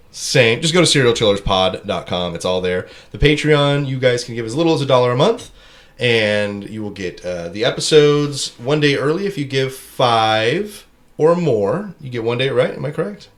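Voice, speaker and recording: A man's voice: mid-range voice, animated, moderate pace. A man hosting a casual comedy podcast who jokes, laughs often and wanders into asides. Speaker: podcast host.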